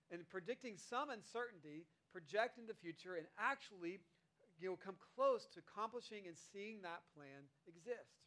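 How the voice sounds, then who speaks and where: A high-pitched man delivers a relaxed, conversational sermon as a pastor. He talks with lively energy and slips into playful quoted voices to make his points.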